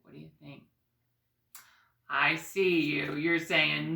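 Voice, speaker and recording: A woman preschool teacher talks slowly and sing-song to young children, coaxing and encouraging, slipping into soft asides. Her voice is bright and a little low for a woman. The room around her echoes. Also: fairly even intonation, vocal fry. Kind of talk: reading to young children and leading a class activity.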